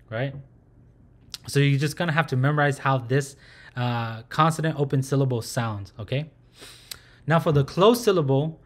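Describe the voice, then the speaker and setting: Male language teacher, mid-pitched, patient, repeats each sound slowly; casual filler-heavy delivery. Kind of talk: online language lesson.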